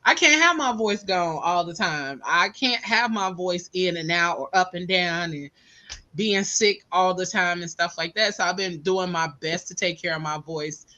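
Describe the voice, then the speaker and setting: A woman guest in casual podcast chat, telling stories in an animated, expressive way. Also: fairly low pitch, moderate pace.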